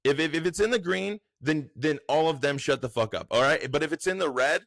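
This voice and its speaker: A man's voice: a little high, animated, fairly quick, dry recording, studio quality, voice pushed up. A man voicing a crude, defiant female official who rants and trips over her words. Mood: brash defiant. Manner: shouty, profane, stumbling over words.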